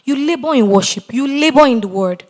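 A woman preaching with a somewhat high voice. She repeats her key phrases and swells from hushed prayer to loud, fervent exhortation. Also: animated, brisk. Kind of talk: sermon.

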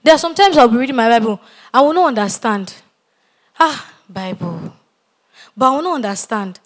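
Impassioned woman preacher, higher voice. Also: lively intonation, brisk. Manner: repeats key phrases, building to loud impassioned exhortation. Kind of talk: sermon.

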